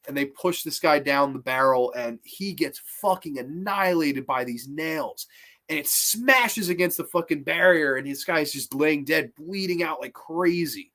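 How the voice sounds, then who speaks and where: A man giving a casual review of old horror films, excitable and swearing freely. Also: on the high side, measured pace.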